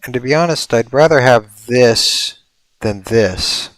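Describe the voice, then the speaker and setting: A man's voice: mid-range voice, expressive, takes it slowly, no echo. A man streaming a building game, musing and thinking aloud as he works, with playful mock-mystical asides. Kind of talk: casual livestream commentary.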